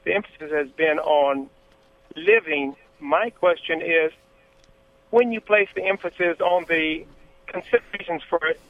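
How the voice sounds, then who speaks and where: A man's voice: on the high side, a little slow. A man calling in to a radio show on a phone line that breaks up, asking a question hesitantly. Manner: hesitant, searching for words. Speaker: caller.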